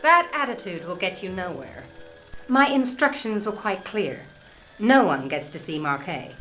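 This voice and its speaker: A woman's voice: mid-range voice, lively intonation, measured pace, bright, forceful tone, faint music behind, low-quality recording. A woman playing a hassled, officious female clinic receptionist who speaks primly and dismissively.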